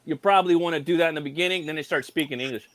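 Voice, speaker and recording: A man's voice: on the high side, very fast, no room sound. A man in a casual film chat, rambling and slangy, swearing and asking "you know what I mean?".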